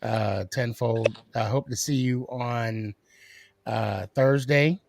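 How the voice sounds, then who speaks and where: A man's voice: mid-range voice, steady tone, takes it slowly, creaky, noisy background. A man hosting a casual sports podcast, joking and playful, laughing often. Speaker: podcast host.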